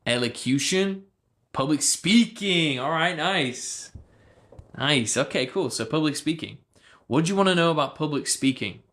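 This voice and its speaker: A man's voice: fairly high pitch, expressive, measured pace, a bit bright. A man, a speech coach, chatting casually on a livestream and answering viewers. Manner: chatty, loose, fillers, answers viewer comments.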